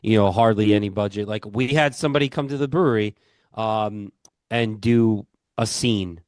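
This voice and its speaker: A man with a Long Island New York accent, co-hosting a podcast in a relaxed, rambling chat. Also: on the low side, moderate pace, no room sound. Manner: laid-back storytelling, many "like"s and "yeah"s. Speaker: podcast co-host. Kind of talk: casual chat.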